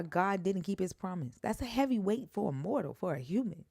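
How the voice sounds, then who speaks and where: A woman's voice: mid-range voice, big pitch swings, fairly quick, gravelly, few pauses, a little mellow, slightly rough, no echo, clean studio sound. A woman on a livestream talking about grief and lost faith, earnest and swearing when upset, her voice leaping up when she is stirred. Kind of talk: emotional casual chat.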